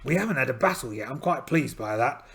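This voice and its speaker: A man's voice: medium pitch, expressive, fast, gravelly, a bit bright. A man playing a solo tabletop game aloud in a chatty, rambling, self-deprecating way. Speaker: solo game player and channel host.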